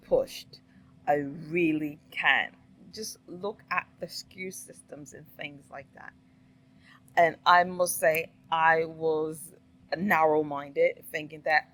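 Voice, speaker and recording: A woman's voice: low voice, slow, fairly bright tone, low-quality recording. A middle-aged woman giving casual, opinionated reaction commentary, laughing and asking rhetorical questions. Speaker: commentary vlogger.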